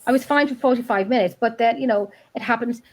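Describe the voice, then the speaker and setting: A woman's voice: fairly high pitch, fast, a little mellow. A woman, a paranormal investigator, chatting on a podcast in a rambling way, often breaking off mid-sentence. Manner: chatty, rambling, self-interrupting. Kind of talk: casual chat.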